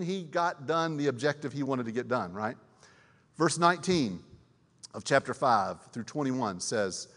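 A male pastor delivers his sermon in a relaxed, talky manner, stumbling over restarts and often checking in with his listeners. His voice sits at an ordinary pitch, and a long reverb trails behind it in a large church hall. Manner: conversational, many fillers and restarts, asks the audience questions.

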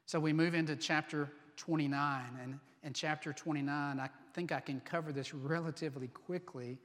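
A man preaching a sermon, retelling a scripture passage in an animated, humorous way and acting out the people in it. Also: on the high side, normal speed. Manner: animated, humorous, acts out voices. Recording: long reverb in a large hall.

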